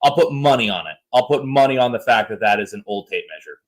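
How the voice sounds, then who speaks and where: A man in his thirties hosts a casual podcast and tells stories with animated, joking energy. His voice sits in a middle pitch. He swears freely and easily. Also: fast, low-quality recording. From United States. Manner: animated storyteller, jokey and profane. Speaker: podcast host. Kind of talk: casual chat.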